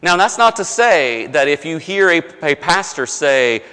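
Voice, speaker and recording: A man gives a conversational sermon as pastor, his voice swinging widely in pitch. He drops low and soft to land his emphasis. The sound carries the long reverb of a large hall. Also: sing-song, normal speed, hardly any pauses.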